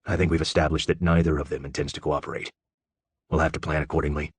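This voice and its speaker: A man's voice: extremely low pitch, level tone, breathy edge, no room sound. A man voicing a grim, weary official. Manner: grim, measured.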